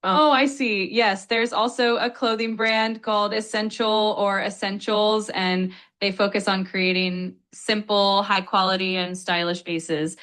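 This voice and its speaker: A synthetic-sounding woman tutor with a bright, crisp edge to her voice. She explains vocabulary patiently, staying polite and upbeat throughout. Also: medium pitch, steady tone, measured pace, few pauses. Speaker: AI English tutor.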